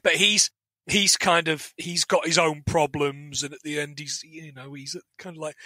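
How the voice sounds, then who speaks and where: Bright-voiced man rambling casually. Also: fairly high pitch, fairly even intonation, normal speed, no echo. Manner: rambling, stammers and repeats words. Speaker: podcast guest. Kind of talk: casual film review chat.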